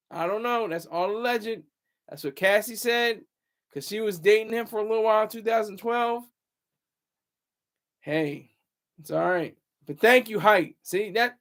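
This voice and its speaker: A man in his thirties with a fairly high, slightly bright voice hosts a casual livestream. He rambles from thought to thought, pausing to read out and answer viewer comments.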